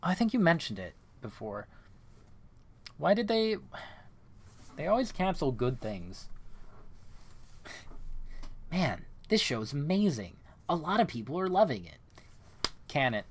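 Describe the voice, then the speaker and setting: Animated joking man playing a game. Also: a little high, measured pace, long pauses. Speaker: streamer. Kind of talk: let's play commentary.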